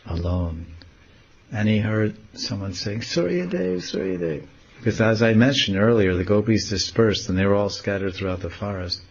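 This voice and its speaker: A man, a swami, giving a devotional lecture, telling a story softly and acting out the scenes. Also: on the low side, a little hiss or hum. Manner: soft-spoken, animated storyteller acting out scenes. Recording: slightly muffled lo-fi recording.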